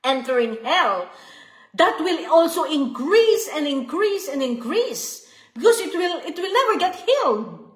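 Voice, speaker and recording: A woman's voice: high-pitched, fairly bright tone, roomy sound. A woman giving an earnest devotional teaching, often repeating herself and checking in with "okay?" and "you see". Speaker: Bible study teacher.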